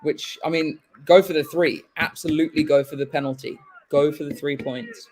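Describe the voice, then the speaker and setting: A man hosting a live watchalong, reacting to the match in an excitable, casual way, swearing and laughing freely. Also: a little high, normal speed, slight background noise, low-quality recording. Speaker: watchalong host.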